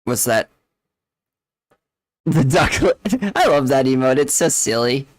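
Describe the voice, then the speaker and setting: Male streamer, casual rambling chat, mid pitch, dry close sound. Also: animated, takes it slowly, dry recording. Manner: rambling, chatty, talks to chat. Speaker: game streamer.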